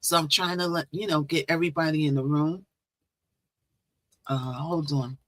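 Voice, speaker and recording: A woman's voice: deep voice, fairly even intonation, normal speed, dry recording. A woman hosting a casual live stream, chatting and repeating herself as she greets viewers. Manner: chatty, repeats phrases, talks to viewers directly. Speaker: livestream host.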